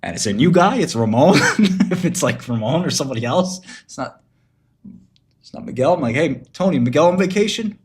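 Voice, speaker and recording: A man's voice: mid-range voice, expressive, a little fast, long pauses. A man with a mid-range voice chats casually on a livestream. He rambles, curses freely, and leans into mock-menacing storytelling. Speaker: streamer.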